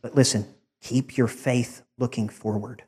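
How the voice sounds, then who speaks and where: Heartfelt preacher in a ringing hall. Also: male voice, mid-range voice, steady tone, unhurried, dark tone, slightly rough. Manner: heartfelt, building to emphatic rising declarations. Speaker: departing preacher. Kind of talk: farewell sermon.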